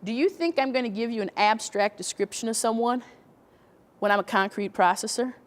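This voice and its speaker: High-voiced woman presenter in a hall. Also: a little fast. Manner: explains step by step, asks the room questions. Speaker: workshop presenter. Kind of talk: training talk.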